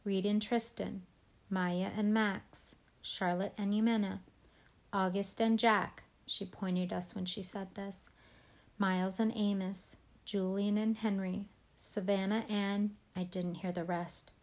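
Teacher lady reading a chapter book out loud, expressive, mid-pitched voice. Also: slow pace, poor audio. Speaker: teacher reading aloud to a class. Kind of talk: read-aloud storytelling.

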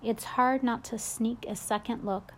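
A woman's voice: fairly high pitch, steady tone, unhurried. A woman narrating a storybook in the first person, in a confiding, reflective way. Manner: confiding, reflective boy's point of view. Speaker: audiobook narrator.

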